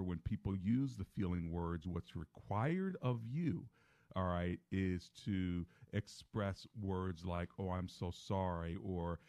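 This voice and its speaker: A man's voice: deep voice, a little mellow, no room sound. A man hosting a call-in radio show as a pastor, encouraging callers and teaching with frequent check-ins like "all right?".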